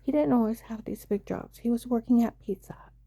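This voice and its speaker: A middle-aged woman with a high-ish, brisk, creaky voice and a warm tone gives personal testimony, emotionally retelling a frightening family story. Her breathless account is full of quoted dialogue as she acts out the people involved. There's no room sound.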